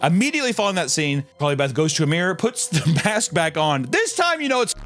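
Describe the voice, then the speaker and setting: A man casually recapping a movie for laughs, animated and jumping into silly voices. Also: a little high, fast talker, faint music behind. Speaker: commentator reacting to a movie.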